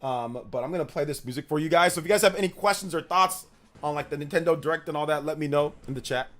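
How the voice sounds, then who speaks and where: A man's voice: a little high, fast, fairly bright tone, faint music behind. A man in his thirties chatting casually with his live-stream audience, rambling and slangy, repeating himself. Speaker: streamer reading chat.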